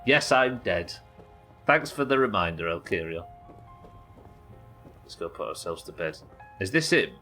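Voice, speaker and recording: A man chats loosely through a live game stream, laughing often. His voice sits low, with quiet music in the background. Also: expressive, measured pace, long pauses. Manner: casual, chatty, laughs often. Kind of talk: live gameplay commentary.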